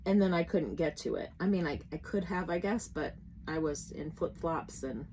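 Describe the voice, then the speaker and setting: Working on a craft kit, a middle-aged woman from the American Midwest rambles through a story in a casual, animated way, with lots of fillers and restarts. This crafting vlogger's voice sits low and moves at a moderate pace, over noticeable background noise.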